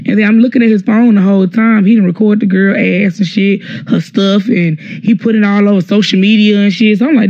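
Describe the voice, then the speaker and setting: High-voiced young man telling a tense story. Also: fairly even intonation, a little fast, few pauses, a little mellow, no echo, highs cut off. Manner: rambling, heavy swearing, acts out quoted exchanges. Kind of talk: casual retelling of a personal story on a live stream.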